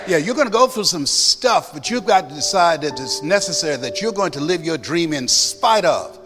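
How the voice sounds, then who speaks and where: Man preaching motivation, storytelling and call-and-response, clear music under him, lots of pitch swing. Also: expressive, normal speed. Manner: storytelling, then leads the audience in call-and-response. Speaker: motivational speaker. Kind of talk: motivational speech to an audience. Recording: long hall reverb with clear music underneath.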